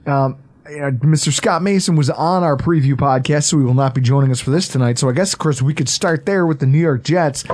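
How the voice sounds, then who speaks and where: Excitable man hosting a football podcast. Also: on the high side, fairly quick. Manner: excitable, swearing, laughs a lot. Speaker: podcast host. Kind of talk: casual sports podcast chat.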